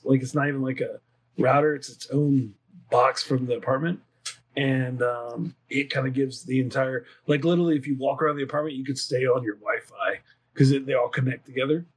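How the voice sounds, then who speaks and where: A man hosts a relaxed round of stories among friends and tells his own in an easygoing, halting way. His voice is a little husky and sits at a middle pitch. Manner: easygoing, hesitant, many fillers. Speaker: host leading the round of stories. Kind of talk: casual chat among friends.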